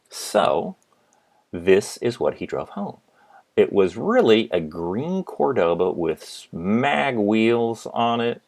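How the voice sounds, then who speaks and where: A middle-aged man lectures on business as a professor. His voice is low but swings widely in pitch as he tells stories and acts them out for his students. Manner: animated storytelling, acts out his father. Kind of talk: recorded lecture.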